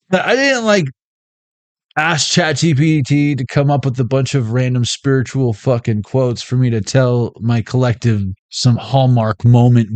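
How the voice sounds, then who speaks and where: A man's voice: mid-range voice, no room sound. A man hosting a casual card reading in a sarcastic, profane, joking manner. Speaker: intuitive card reader.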